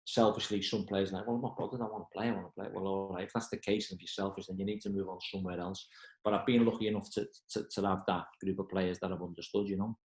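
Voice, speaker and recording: A football manager talks fast in a casual interview, bringing his stories to life by acting out the people in them. His voice rings around an echoey room. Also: deep voice. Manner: animated storyteller, acts out quoted voices.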